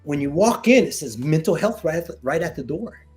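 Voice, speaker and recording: A Marine veteran telling a story in a casual interview, slangy and animated, acting out what people said to him. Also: male voice, a little high, a little fast. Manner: animated retelling, slangy, acts out quoted dialogue.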